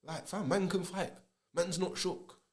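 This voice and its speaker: A man's voice: sits high, a little slow. A man in a casual podcast conversation, reasoning aloud earnestly in street slang. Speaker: podcast speaker.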